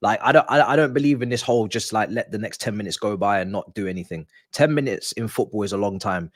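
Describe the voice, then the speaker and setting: A man's voice: fairly low pitch, quick pace, no echo, studio quality. A man hosting a live football watch-along, ranting in frustration and dropping into muttered asides. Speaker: live stream host.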